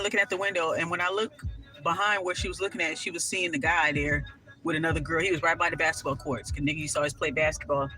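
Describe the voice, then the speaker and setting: A woman telling a personal story in a casual vlog, sassy and animated, swearing freely and full of asides. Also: fairly low pitch, low-quality recording.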